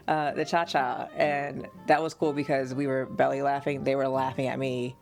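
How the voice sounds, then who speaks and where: A woman from the United States, a podcast host and mother, telling family stories in an animated, casual way and laughing often. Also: a bass voice, normal speed, hardly any pauses, soft background music.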